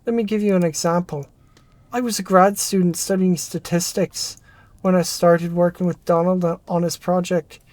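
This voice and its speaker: A performer reading a narrative game aloud, voicing an excitable former research assistant who rambles and restarts mid-thought. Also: medium pitch, moderate pace, no room sound, natural voice. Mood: chatty. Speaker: game character voice.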